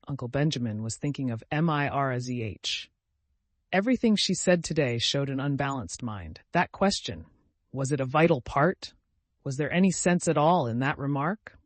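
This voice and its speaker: A man narrating an audiobook in a steady, measured reading voice. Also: medium pitch, dry recording. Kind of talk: scripted narration.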